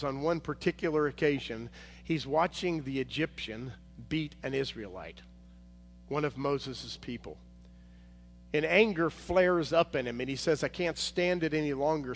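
A male preacher giving a sermon, retelling a Bible story in a conversational, vivid way. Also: medium pitch. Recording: hall reverb, faint noise.

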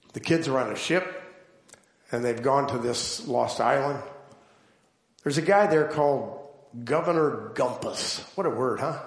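A man preaching a sermon, telling stories slowly and deliberately and building to emphatic points. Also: medium pitch, creaky, echoey room. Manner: slow, deliberate storytelling with emphatic build-ups.

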